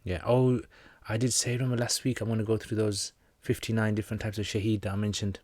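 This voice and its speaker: A relaxed man with a fairly low voice hosts a casual livestream question-and-answer session. He reads out viewer comments and answers religious questions in an easygoing, joking way. The sound is dry and close, with no room echo. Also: fast.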